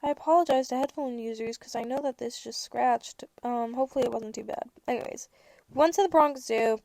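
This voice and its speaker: A woman's voice: a little high, fairly quick, creaky, darkish tone, no echo. A young adult woman hosting a podcast, telling a story in a casual chat with sarcastic rants and acted-out bits of dialogue. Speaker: podcast host.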